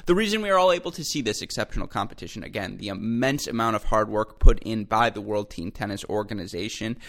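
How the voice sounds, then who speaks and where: A man's voice: on the low side, lively intonation, quick pace, a bit bright. A man hosting a solo podcast, talking through the news in an enthusiastic, chatty way and addressing his listeners as folks. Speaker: podcast host.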